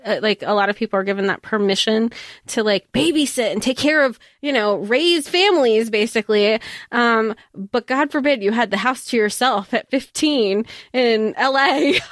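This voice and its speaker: A woman's voice: a little high, no echo, clean studio sound. Chatty woman podcast co-host. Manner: rambling, full of restarts and "like". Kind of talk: casual book discussion.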